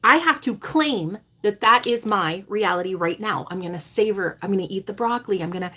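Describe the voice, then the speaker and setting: Talking a little fast at a medium pitch, a spiritual coach in her thirties delivers a dramatic vlog monologue to her viewers. She swears freely and alternates between loud pronouncements and hushed asides.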